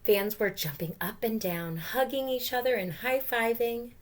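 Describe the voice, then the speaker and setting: A woman teacher reading a picture book aloud to children, gently pausing to explain words and ask questions. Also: fairly high pitch.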